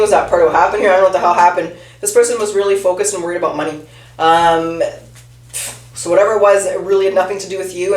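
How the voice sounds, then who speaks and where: A woman giving a casual tarot reading, chatting straight to her viewer. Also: medium pitch. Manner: chatty, addresses the viewer directly. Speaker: tarot reader. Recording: echoey room, mic at a distance, faint noise.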